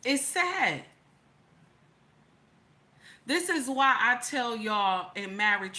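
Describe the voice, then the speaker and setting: A middle-aged woman hosts a livestream with opinionated commentary, blunt and preachy, dropping profanity here and there. Her voice sits a bit high and sounds bright and forceful, and she speaks slowly with frequent pauses.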